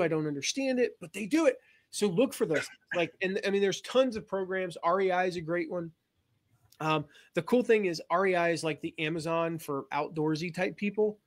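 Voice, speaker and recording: A man hosting a casual webinar, rambling with lots of fillers and laughing at himself. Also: high voice. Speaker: host.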